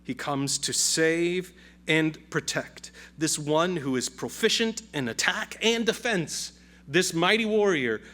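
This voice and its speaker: A man's voice: on the high side, expressive, takes it slowly, pushed and bright. A male pastor preaching a sermon with an emphatic, repetitive cadence.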